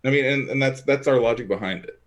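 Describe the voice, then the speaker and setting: A man's voice: mid-range voice, quick pace. A man chatting casually at home as a guest, telling a rambling story and acting out what people said. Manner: rambling, animated storyteller who acts out quotes. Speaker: guest, e-liquid maker.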